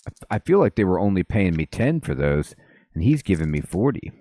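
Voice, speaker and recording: A man's voice: low voice, big pitch swings, brisk, dark tone, dry recording. A man giving casual, offhand commentary while playing a game, with many ums. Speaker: let's play host.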